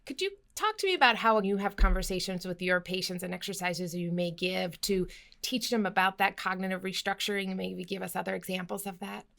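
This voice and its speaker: A woman's voice: medium pitch, brisk, gravelly, fairly bright tone. A woman podcast host asking attentive, affirming questions of her guest.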